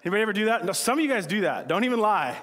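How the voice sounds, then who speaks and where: A male pastor giving a casual, joking sermon, with quick acted-out asides. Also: high voice, lively intonation, fairly bright tone. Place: church hall. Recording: church hall with long reverb.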